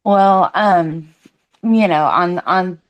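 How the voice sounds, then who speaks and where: A hesitant woman takes her turn in an audio chat room, pausing often and restarting her phrases. Her voice is low and her pace slow. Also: muffled recording. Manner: hesitant, filler-laden.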